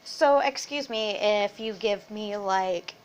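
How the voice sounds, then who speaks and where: A woman's voice: medium pitch, takes it slowly, rough recording. A young woman venting casually at home, rambling and swearing freely. Her voice is strained from a sore throat and sometimes drops to a whisper. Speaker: vlogger. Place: at home with her baby nearby.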